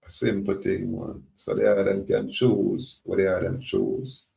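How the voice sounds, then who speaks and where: Speaking in a low, creaky yet mellow voice, this self-proclaimed sovereign with a Jamaican accent rambles defiantly and preachily to his viewers. His delivery is completely flat and moderately paced, captured in a roomy, dull lo-fi recording.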